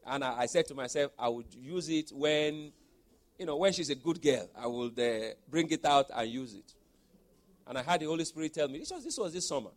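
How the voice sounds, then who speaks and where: A man in his forties preaches in an animated way, his voice sitting somewhat high for a man. He drops into quiet storytelling, then rises into loud exhortation. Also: a little fast. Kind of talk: sermon with personal storytelling.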